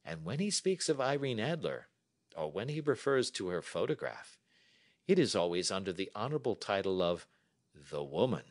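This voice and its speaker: Male narrator, low-ish and animated, clear measured story reading for learners. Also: dry recording, studio quality.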